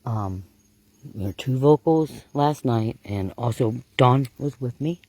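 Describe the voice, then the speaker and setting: A man with a dark, husky voice narrates a night-time field investigation outdoors in the woods. He talks casually and excitably, often dropping to a hushed tone. His delivery is that of an amateur researcher talking to his viewers. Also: mid-range voice, measured pace, dry recording. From Florida.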